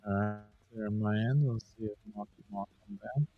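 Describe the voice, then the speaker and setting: A man's voice: on the low side, fairly quick, slightly rough, phone-quality sound. A man co-hosting a podcast over a video call, talking loosely and joking with plenty of swearing. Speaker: podcast co-host. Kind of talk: casual chat.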